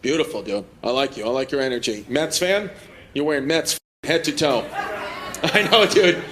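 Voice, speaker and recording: A man's voice: mid-range voice, moderate pace, a bit bright. A man doing teasing, brash crowd work as a stand-up comedian on a club stage, laughing along at his own jokes. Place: club stage with live audience. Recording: live club audio with crowd and noise. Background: audience laughter.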